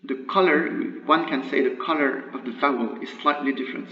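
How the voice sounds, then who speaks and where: A man teaching Arabic letters in a recorded lesson, patiently drilling syllables one by one with frequent pauses and uhs. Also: mid-range voice. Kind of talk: screen-recorded language lesson. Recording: echoey, distant, dull lo-fi room mic.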